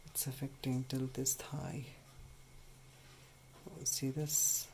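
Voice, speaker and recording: A man, a bird rescuer, speaking softly and soothingly to an injured baby bird while explaining its care. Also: medium pitch, little pitch movement, takes it slowly. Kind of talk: casual vlog narration. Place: at home, indoors. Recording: noisy home recording.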